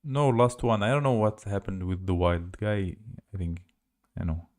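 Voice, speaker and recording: A man with a Russian accent teaching a live language lesson, halting and searching for words as he spells out letters. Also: lowish voice, fairly even intonation, a little mellow.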